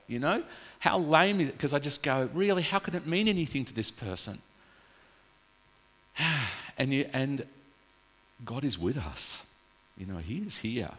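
A man preaching a casual, story-filled sermon in a church. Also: mid-range voice. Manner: chatty, storytelling, animated with laughs. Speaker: pastor. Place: church hall. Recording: reverberant church hall.

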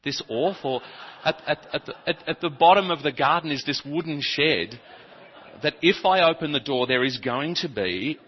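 A man preaching a sermon, telling funny childhood stories with some stumbles and speaking softly in the reflective passages. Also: a little high, normal speed. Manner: humorous, animated storytelling with stumbles. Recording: dull, reverberant hall recording.

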